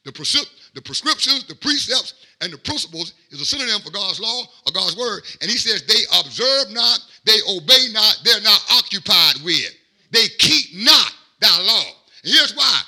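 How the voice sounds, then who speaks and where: A middle-aged man, a pastor, preaching a sermon in a rhythmic cadence that swings from quiet asides to shouted peaks. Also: high voice, big pitch swings, moderate pace.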